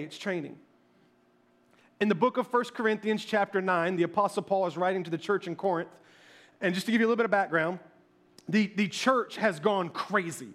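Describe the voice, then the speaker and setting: A man preaching a sermon as pastor, emphatic, with quick restarts and repeated words. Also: sits high, fairly bright tone.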